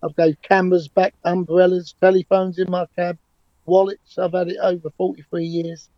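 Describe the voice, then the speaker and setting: Speaking at a moderate pace in a high, level voice, a man in his sixties from England, a cab driver, tells stories as a remote interview guest. He sounds confident and emphatic but restarts often, and the lo-fi audio has no room sound.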